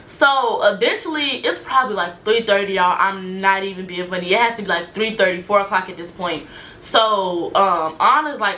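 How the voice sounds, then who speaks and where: A woman's voice: medium pitch, brisk, sharp tone. A young woman telling a story in casual chat, slangy and talking straight to her viewers. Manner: chatty, slangy, addresses viewers directly. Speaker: storyteller vlogger.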